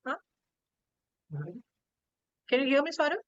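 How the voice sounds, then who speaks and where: A woman with an Indian accent telling a devotional story to an online class over a video call, animated and often repeating words. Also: high-pitched, unhurried, dry recording, dull audio.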